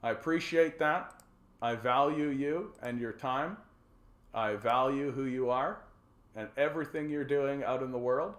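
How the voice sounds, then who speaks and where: A man's voice: medium pitch, unhurried, roomy sound. A man from Canada hosting a casual call-in livestream, rambling and joking with lots of swearing, fillers and restarts. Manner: rambling, profane and jokey, with many fillers and restarts. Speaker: livestream host.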